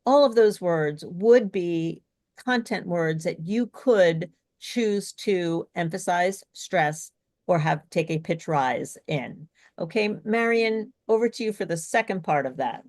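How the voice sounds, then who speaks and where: A woman's voice: fairly low pitch, animated, slow pace, darkish tone. A woman leads a speech workshop over a video call, taking her time with each phrase. She encourages her listeners and often stops to check that they are following. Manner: encouraging, asks checking questions. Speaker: speech coach, co-host of webinar. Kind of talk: live online workshop presenting.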